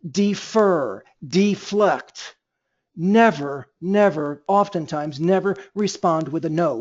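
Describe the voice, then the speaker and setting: A man with a fairly high voice leads a sales training webinar. He talks with energy and slips into both sides of the phone calls he acts out. The sound is dull and lo-fi, like a computer mic. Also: expressive, unhurried, a little mellow.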